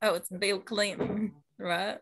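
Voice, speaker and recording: A woman guest chatting casually in an interview. She is playful, quick to laugh and pokes fun at herself. Her voice sits at an ordinary pitch for a woman. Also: level tone, a crowd in the background. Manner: playful, laughs often, self-deprecating. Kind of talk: casual chat, improvised impressions.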